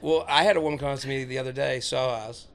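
Gravelly comedian in his thirties. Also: mid-range voice, fairly even intonation, very fast, a bit bright. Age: 30s. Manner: rambling, filler-heavy, acts out quoted lines. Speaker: comedian guest. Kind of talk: casual podcast chat.

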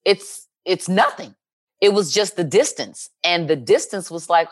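A woman's voice: lowish voice, measured pace. A woman talking casually on a talk show, acting out what people said. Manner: animated, acts out quoted dialogue.

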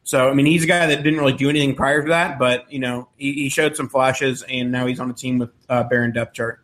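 A man's voice: mid-range voice, fairly even intonation, fairly quick, a bit bright. Man breaking down picks on a podcast. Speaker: podcast co-host. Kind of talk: casual podcast chat.

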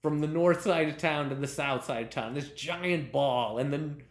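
A man with a fairly high voice tells showbiz anecdotes in an interview. He gets animated, laughs mid-sentence and acts out quotes, and the room around him rings with echo. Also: moderate pace. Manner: lively storyteller, laughs while talking, acts out quotes. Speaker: television comedy writer and producer, guest. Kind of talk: conversational anecdote-telling.

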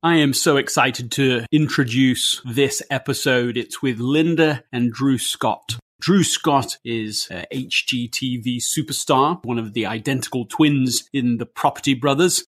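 A man's voice: mid-range voice, measured pace, few pauses, a bit bright. A man hosting a podcast interview, introducing guests and asking questions with enthusiasm. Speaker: podcast host.

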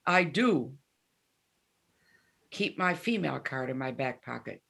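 A woman's voice: rumbling low, a little slow, vocal fry, husky. A woman in her seventies telling candid stories as a guest in a casual interview, acting out the lines of people she quotes. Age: 70s. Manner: candid, animated storyteller who acts out quoted dialogue. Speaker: guest musician.

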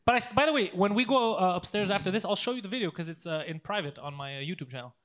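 Bright-voiced man telling crude prank stories. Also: high voice, expressive, rapid-fire. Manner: crude, laughing prank storyteller. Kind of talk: casual storytelling chat.

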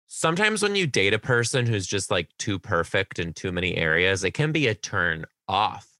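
A young man, a teacher, chatting casually on a podcast with his mother, telling stories in an animated, giggly way. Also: lowish voice, normal speed, no echo, clean studio sound. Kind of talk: casual chat.

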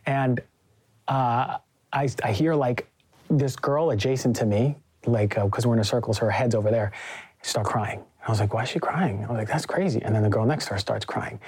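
A man's voice: mid-range voice, steady tone, brisk, darkish tone, breathy edge. A young man hosting a podcast, telling a story animatedly with lots of fillers and acted-out quotes. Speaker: podcast host. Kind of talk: casual conversation.

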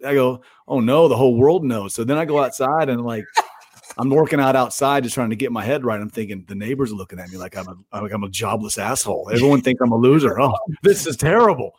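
A man telling stories as a guest in a casual interview, profane and animated, often restarting mid-sentence. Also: medium pitch, slightly rough. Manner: profane, animated storyteller with quick stammering restarts. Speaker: pro wrestler guest.

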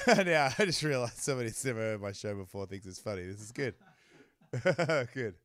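A man's voice: mid-range voice, animated, moderate pace, fairly bright tone. A man with an Australian accent hosting a casual show, laughing often and swearing freely. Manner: laughing, crude, swearing a lot. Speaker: host. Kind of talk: casual live show chat.

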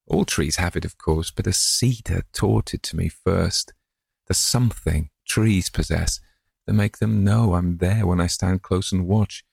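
A man with a low, creaky voice playing a dreamy, tender old gentleman who muses aloud. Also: measured pace, no room sound, clean studio sound, exaggerated voice. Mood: musing. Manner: wistful, musing aloud.

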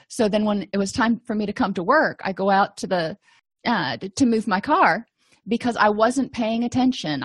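A woman's voice: medium pitch, no room sound. A middle-aged woman counselor giving a conversational recorded lecture, explaining with everyday personal examples.

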